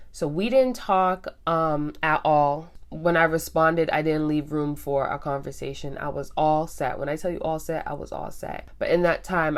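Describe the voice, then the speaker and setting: A young woman telling her story in a chatty, animated way, with slangy asides to her viewers. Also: sits low. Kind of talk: casual storytelling to camera.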